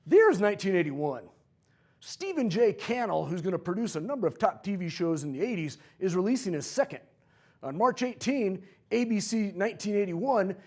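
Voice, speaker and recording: A man in his forties who teaches history delivers a comedic vlog lesson, joking and playful as he tells the story. His voice sits high for a man and leaps about animatedly. The tone has a husky edge.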